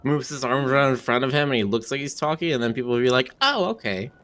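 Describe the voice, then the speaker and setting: Male co-host, smooth clear voice, dry casual remarks, faint music behind. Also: medium pitch, steady tone, rapid-fire, fairly bright tone. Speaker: stream co-host. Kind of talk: casual game-stream chat.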